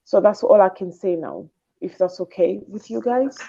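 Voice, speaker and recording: A woman's voice: medium pitch, expressive, moderate pace, vocal fry, dark tone, lo-fi sound. A woman on a video call giving casual panel comments, encouraging in tone and often repeating words as she speaks.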